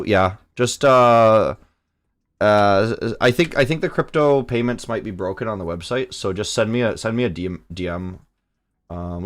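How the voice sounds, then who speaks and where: A young man from Canada hosting a live trading stream, chatting casually, reading chat aloud and swearing when excited. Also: medium pitch. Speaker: livestream trading host.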